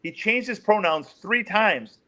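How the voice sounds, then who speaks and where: A middle-aged man, a former police officer, telling case stories in an interview and acting out the quoted voices. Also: a little slow. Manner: animated, acts out quotes in raised pitch. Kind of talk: storytelling in an interview.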